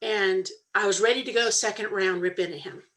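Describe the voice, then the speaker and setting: A woman candidly telling her own story on a talk show, earnest and animated when she quotes others. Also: medium pitch, fairly quick, low-quality recording. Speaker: podcast co-host sharing her story.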